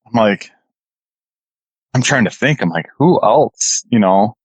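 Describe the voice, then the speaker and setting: A man's voice: on the low side, animated, a little slow, husky, no room sound, poor audio. Earnest man fighting back tears. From California. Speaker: guest. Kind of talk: personal story in a radio interview.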